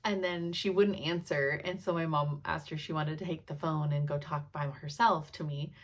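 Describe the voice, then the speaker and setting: A woman's voice: deep voice, steady tone, normal speed. A woman in her thirties chatting casually to her viewers as a cross-stitch vlogger, laughing often as she tells stories. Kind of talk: casual chat.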